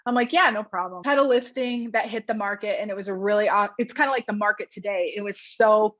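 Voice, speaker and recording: A woman's voice: mid-range voice, a bit bright, lo-fi sound. Candid woman realtor telling her story. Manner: candid, fast storytelling with many likes and ums. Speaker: guest, realtor. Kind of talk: podcast interview storytelling.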